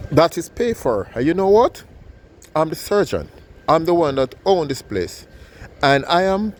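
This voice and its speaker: A man's voice: a little high, darkish tone, a little hiss or hum, voice pushed up. A man doing a kind, reassuring surgeon.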